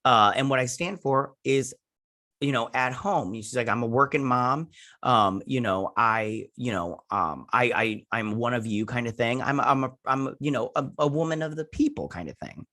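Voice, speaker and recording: A man's voice: mid-range voice, normal speed. A man hosting a casual episode review, rambling through the plot with lots of fillers and quoted "he's like" lines. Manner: voices characters' lines in a flat retelling tone.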